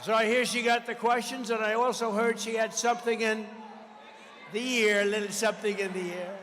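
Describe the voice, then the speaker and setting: A man giving a campaign rally speech, combative and repetitive, hammering slogans with bursts of shouting. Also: sits high, flat delivery, fairly quick, some chatter behind, a little hiss or hum. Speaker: political candidate at a rally. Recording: long reverb of a large rally venue.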